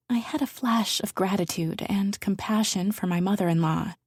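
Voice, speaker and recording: A woman narrating a thriller audiobook in the first person, measured and intimate, sometimes dropping to a whisper. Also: mid-range voice, darkish tone, husky, dry recording, clean studio sound.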